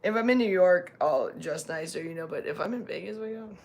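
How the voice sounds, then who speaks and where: A woman's voice: on the low side, fairly quick, a little mellow. A woman from California chatting casually on a live stream, rambling with many fillers and restarts. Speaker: livestream host.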